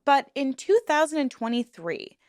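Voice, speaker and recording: A woman's voice: sits high, big pitch swings, normal speed, darkish tone, no echo. Woman, true crime host, chatty narration, opinionated asides, dry close sound.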